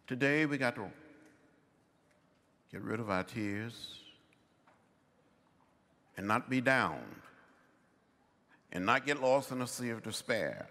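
A man in his seventies giving a commencement address in slow, emphatic, measured phrases. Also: mid-range voice, wildly swooping pitch, vocal fry, pushed and bright. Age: 70s. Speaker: commencement speaker. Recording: long hall reverb.

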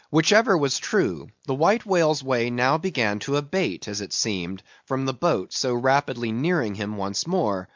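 A man reading a classic novel aloud as audiobook narration, in a measured, even way. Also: medium pitch, no room sound, lo-fi sound. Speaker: audiobook reader.

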